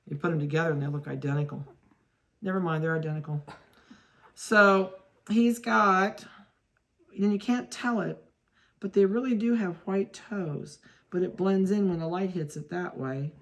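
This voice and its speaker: Gravelly-voiced woman breeder chatting. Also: on the low side, moderate pace. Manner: chatty, talks to the puppies, laughs at own mix-ups. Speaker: dog breeder. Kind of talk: casual running commentary while handling puppies. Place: indoors at a kennel.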